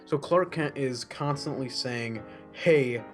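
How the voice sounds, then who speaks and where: A man's voice: medium pitch, normal speed, soft background music. Rambling man recapping a movie. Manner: rambling, many fillers and restarts. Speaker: co-host. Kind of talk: casual movie review chat.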